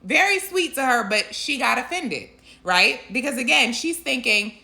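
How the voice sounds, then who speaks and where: A woman tells a story to her viewers in a casual, animated way, and she laughs often. Her voice is high and very bright, with a wide, bouncy pitch. She sounds expressive and conversational. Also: normal speed, creaky. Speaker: Christian vlogger.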